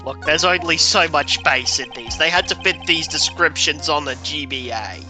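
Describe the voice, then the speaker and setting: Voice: mid-range voice, normal speed, bright, forceful tone, soft background music. A co-host of a let's play, making dry asides during the game. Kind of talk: casual game commentary.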